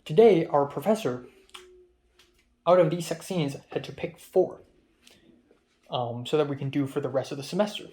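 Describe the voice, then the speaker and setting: Chatty young man vlogging, lightly high voice. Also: normal speed, long pauses, mellow. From Hong Kong. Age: young adult. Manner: rambling, chatty, many fillers. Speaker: film student vlogger. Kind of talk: casual diary vlog.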